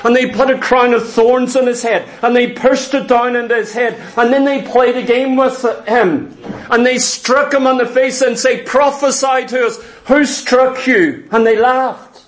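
A man's voice: very high-pitched, fairly even intonation, moderate pace. A man preaching a sermon in an earnest, emphatic way, asking his listeners questions.

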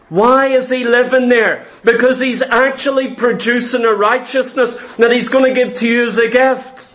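A man with a very high voice preaches a sermon with emphatic repetition. He throws out rhetorical questions and clears his throat now and then. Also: fairly bright tone.

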